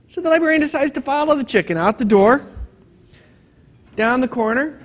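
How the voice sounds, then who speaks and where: A man's voice: extremely high pitch, expressive, normal speed, long pauses. A man teaching a hands-on data class at a conference training session, talking casually to the room and telling a corny joke. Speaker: training instructor. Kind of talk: classroom lecture.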